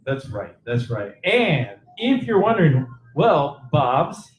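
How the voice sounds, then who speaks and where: A man's voice: on the high side, big pitch swings, slow, roomy sound, slight background noise, low-quality recording. A man co-hosting a comedy show, delivering a mock-serious weather report and chuckling often.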